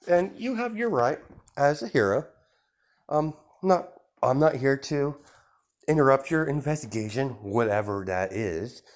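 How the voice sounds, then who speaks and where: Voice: medium pitch, expressive, a little slow, pitched above the performer's own voice. A reader putting on the voice of a young woman, a fawning and sweetly menacing sister, for an improvised fan story read-aloud.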